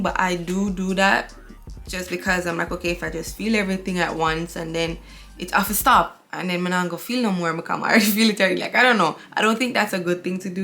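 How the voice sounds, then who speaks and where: Young female vlogger, candid rambling chat, gravelly texture, faint music bed. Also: on the low side, fairly bright tone. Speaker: beauty vlogger. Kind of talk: casual chat while getting ready.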